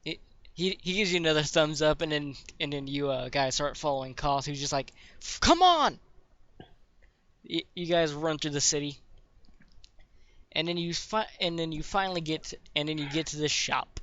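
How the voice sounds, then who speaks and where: Man narrating a game, bright lo-fi voice. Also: on the high side, steady tone, brisk. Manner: rambling, full of fillers and restarts. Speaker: game master. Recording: dull lo-fi recording.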